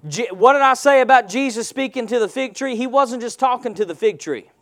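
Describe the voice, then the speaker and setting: A man's voice: very high voice, fairly quick, fairly bright tone. A man preaching a sermon in a church, using call-and-response and rhetorical questions. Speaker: pastor.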